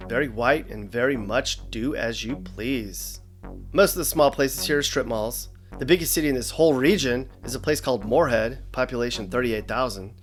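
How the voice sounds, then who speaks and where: A male host narrating a comedic explainer with dry, sarcastic delivery. His voice sits at a middling pitch, with light music playing behind him.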